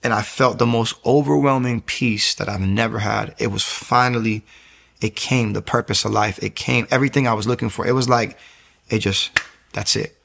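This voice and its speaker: A young man shares his conversion testimony in a lively, storytelling way, slipping into the voices of the people in his story. His voice carries a gravelly edge in a mid-range pitch. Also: normal speed. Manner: animated storytelling, acts out quoted voices. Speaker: guest giving a testimony.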